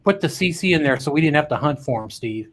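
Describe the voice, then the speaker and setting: High-voiced chatty male guest. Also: expressive, quick pace. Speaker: guest on a live chat show. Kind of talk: casual live-stream chat.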